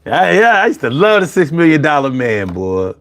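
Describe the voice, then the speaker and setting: A man hosting a casual live chat, animated and profane, laughing often as he talks. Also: on the high side, normal speed. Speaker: livestream host reading chat.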